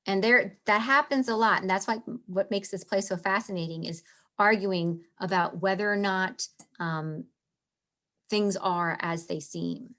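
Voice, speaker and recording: A woman's voice: mid-range voice, a little slow, a bit bright. A woman giving a casual lecture on a play, reading lines aloud and tapping out the meter with enthusiasm. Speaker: literature teacher.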